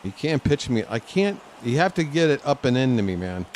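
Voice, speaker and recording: A man streaming live gameplay from a lounge chair at home, talking to the game and reacting loudly as he plays. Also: mid-range voice, big pitch swings, brisk, slight background noise. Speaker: gaming streamer.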